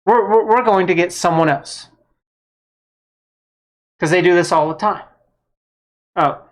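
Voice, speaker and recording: Woman, vlogger, blunt heated opinion monologue, mild swearing, lowish voice. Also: a little slow. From United States.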